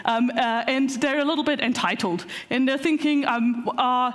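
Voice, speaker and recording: A woman with a somewhat high voice talks through a sermon in a loose, conversational way. She hesitates often and fills her pauses with ums and uhs. Her delivery stays informal. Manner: conversational, hesitant with many fillers. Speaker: preacher.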